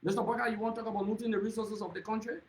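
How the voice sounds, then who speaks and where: A man's voice: high-pitched, level tone, racing, echoey room, low-quality recording. A man with a Liberian accent giving an impassioned, accusatory political speech, repeatedly addressing his target by name. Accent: Liberian English. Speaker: political speaker.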